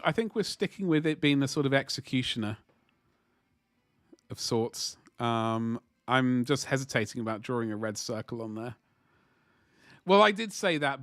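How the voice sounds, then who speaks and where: A man chats away on a casual livestream while he paints, rambling from one thought to the next and greeting viewers. His voice sits a little high for a man. The sound is close and dry, with no room in it. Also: no room sound. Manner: chatty, rambling, talks to chat while working. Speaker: livestream host painting miniatures.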